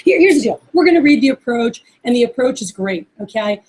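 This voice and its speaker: A woman's voice: on the high side, animated, fairly quick, a little mellow, rough recording. A woman running a workplace training session for receptionists, chatting casually and acting out sample phone calls. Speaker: office manager training receptionists.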